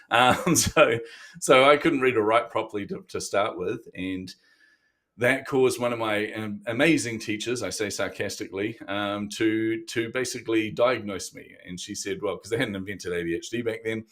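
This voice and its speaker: A man's voice: lowish voice, fairly bright tone. A fifty-something man from New to match. He tells his own story as a podcast guest, candid and self-deprecating, often laughing at himself. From New Zealand. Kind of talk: interview storytelling.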